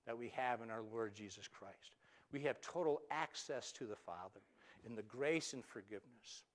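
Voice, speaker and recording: Guy preaching a sermon, gets really animated, acts out the bible voices, stumbles and restarts sometimes. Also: medium pitch. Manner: animated storytelling, acts out quoted voices, some stammered restarts. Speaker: pastor.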